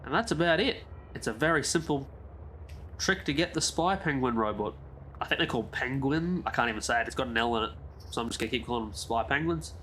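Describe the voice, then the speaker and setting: A man's voice: mid-range voice, lively intonation, quick pace, bright, forceful tone, a little hiss or hum. A man giving a casual, chatty game walkthrough as a gaming YouTuber, drifting into side comments. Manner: easygoing, chatty, rambles into asides.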